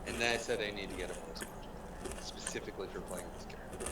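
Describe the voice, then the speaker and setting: A man playing in a tabletop game, chatting casually with quick reactions. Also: low-pitched, far from the mic, heavy background noise. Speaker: player. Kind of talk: casual chat among players.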